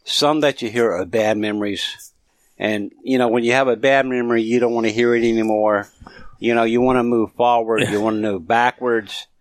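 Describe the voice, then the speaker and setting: A man co-hosting a podcast in casual chat, reading event listings in a halting way with lots of fillers. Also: medium pitch, steady tone, no echo. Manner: halting, filler-heavy, lots of "you know". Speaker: podcast co-host.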